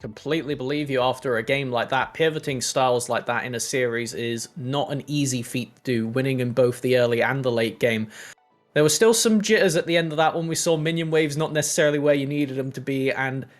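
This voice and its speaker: A male esports caster talking through the plays with lively, analytical energy. His voice sits in an ordinary middle register. Faint music plays under the broadcast. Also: medium pitch, brisk. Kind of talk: esports commentary.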